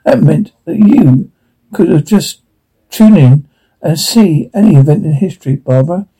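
A man reading the part of a restless young girl companion who is eager to help, with a husky voice. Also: fairly high pitch, animated, unhurried, mellow, heavily acted, rough recording.

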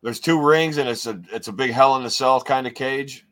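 A man's voice: mid-range voice, normal speed, fairly bright tone. A man co-hosting a podcast, chatting casually about wrestling and chiming in agreeably with short replies. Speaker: podcast co-host.

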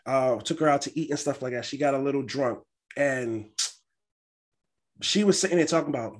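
A young man co-hosting a podcast talks casually in a slightly high voice at a slightly fast clip. He tells stories and acts out what other people said, quoting them with animation.

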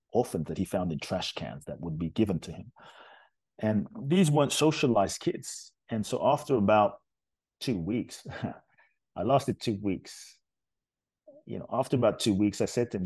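Guest spiritual teacher, male, Ghana-born: deep, husky, earnest and animated in telling. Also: no room sound. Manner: earnest, animated storyteller with restarts. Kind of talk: storytelling in a podcast interview.

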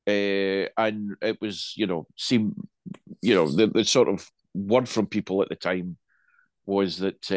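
A man's voice: lowish voice, dry recording. A man co-hosting a casual chat, rambling with many restarts and asides. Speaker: podcast co-host.

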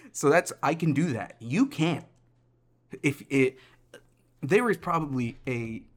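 A man's voice: medium pitch, fairly bright tone. A young adult man hosting a casual solo podcast, rambling through tangents in a joking, self-deprecating way. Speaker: podcast host.

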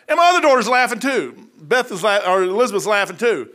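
A middle-aged man preaching a sermon, telling a personal story and moving between hushed asides and excited outbursts. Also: sits high, fast talker, hardly any pauses. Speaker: pastor.

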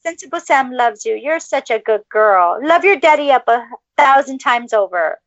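A woman with a high voice hosts a casual podcast chat, gushing and effusive. Her sound is dull and lo-fi, with a dry, close feel. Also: lively intonation, normal speed, no echo. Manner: gushing, effusive baby talk to pets. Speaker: podcast host.

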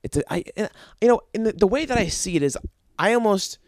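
A young man talks alone on his podcast in a loose, profane, rambling rant. His voice sits a little high and jumps up and down a lot as he gets worked up. The sound is dry and close, with no room echo. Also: animated, fairly quick. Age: young adult. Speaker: podcast host. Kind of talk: crude solo podcast rant.

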